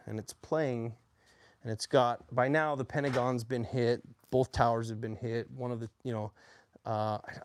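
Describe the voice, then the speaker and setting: A man in his forties, an army veteran, telling his own story in a casual, plainspoken way with faint hum behind him. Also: medium pitch. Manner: plainspoken, animated when quoting others.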